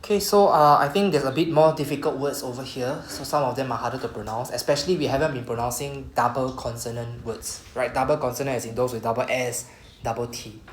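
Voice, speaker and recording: Low-voiced Singaporean teacher drilling pronunciation. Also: female voice. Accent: Singaporean English. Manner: patient, repeats words slowly for students. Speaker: Japanese teacher. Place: classroom. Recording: echoey classroom with faint noise.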